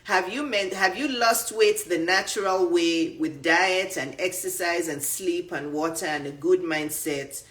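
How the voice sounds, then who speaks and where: A woman in her fifties with a Nigerian accent, giving a casual motivational talk to viewers, animated and full of rhetorical questions. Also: fairly low pitch, a little slow, few pauses. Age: 50s. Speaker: dating and image coach. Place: live stream.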